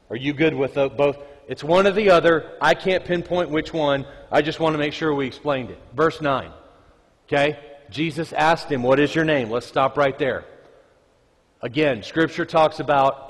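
Preaching man in a reverberant church. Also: medium pitch. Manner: conversational preaching with jokes. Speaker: pastor. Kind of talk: sermon. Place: church sanctuary.

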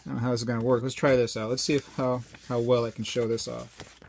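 A man's voice: mid-range voice, flat delivery, fast talker, gravelly, darkish tone, a little hiss or hum. A man chatting casually to viewers while weighing coins, rambling and joking as he goes. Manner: rambling, jokey, talks to viewers directly. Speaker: coin collector vlogger.

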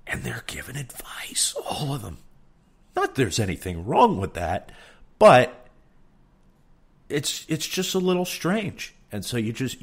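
A young man, hosting a podcast with a rambling, swearing, self-deprecating comedic rant. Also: on the low side. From New York. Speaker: podcast host.

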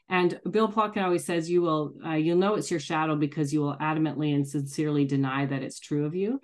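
A woman's voice: low voice, brisk. A middle-aged woman telling a personal story in a candid, self-deprecating way, laughing often. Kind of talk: casual reflective storytelling.

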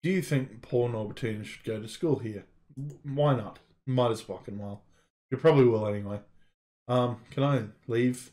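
A man's voice: medium pitch, unhurried, long pauses, darkish tone. A young man streaming a game, exasperated, sweary and sarcastic, on a desk mic.

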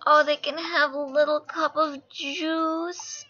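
A young woman host giving casual, excitable gameplay commentary, gushing and giggly. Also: high voice, normal speed, few pauses. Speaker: gaming channel host. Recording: lo-fi screen-capture audio over game music.

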